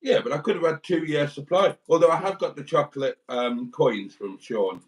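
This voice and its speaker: A man's voice: fairly high pitch, normal speed, far from the mic, poor audio. A British man hosting a livestream, rambling through anecdotes and calling his viewers darlings. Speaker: livestream host. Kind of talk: casual livestream chat.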